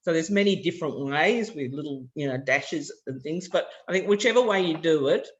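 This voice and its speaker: A man's voice: fairly high pitch, expressive, a little fast, dull audio. A man with an Australian accent presenting a practical workshop to language teachers, explaining ideas in a loose, conversational way and walking through examples.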